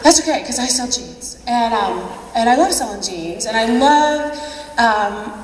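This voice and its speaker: A woman's voice: on the high side, animated, measured pace, noisy background. A woman telling her own story as a convention speaker, chatty, laughing and poking fun at herself. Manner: chatty, laughing, self-mocking. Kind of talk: personal story speech. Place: large convention hall. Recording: echoey hall, distant mic.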